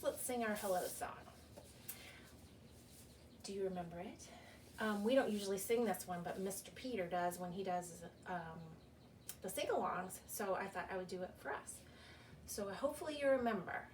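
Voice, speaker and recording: A woman's voice: medium pitch, far from the mic, slight background noise. A young woman, a children's librarian, leading a cheerful virtual story time with sing-song questions for kids.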